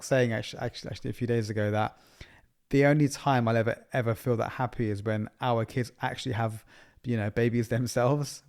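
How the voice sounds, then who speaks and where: A man in his thirties co-hosting a family podcast, chatting casually and sentimentally, often laughing through his stories. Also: mid-range voice. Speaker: podcast co-host. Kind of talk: casual chat.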